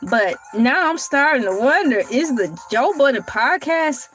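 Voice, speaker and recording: Woman commentator, high voice, sassy and teasing, light music underneath. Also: measured pace. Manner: sassy, animated, teasing with exaggerated questions. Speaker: podcast reaction commentator. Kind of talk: casual reaction commentary.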